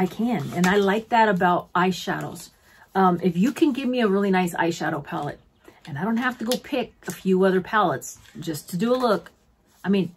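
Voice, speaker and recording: A woman's voice: mid-range voice, darkish tone, slight background noise. A middle-aged woman chatting casually as a beauty vlogger, gushing to her viewers like friends while unboxing at home.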